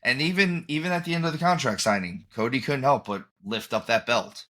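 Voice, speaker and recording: A man's voice: mid-range voice, a little fast, a bit bright. A man hosting a podcast in casual chat, rambling and often trailing off and restarting mid-thought. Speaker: podcast host.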